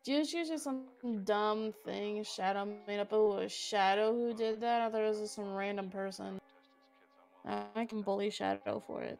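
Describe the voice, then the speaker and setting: Creaky-voiced teasing woman gamer. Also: mid-range voice, fairly even intonation, moderate pace, darkish tone, soft background music. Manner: teasing and joking. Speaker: friend in the game. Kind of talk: casual gaming chat.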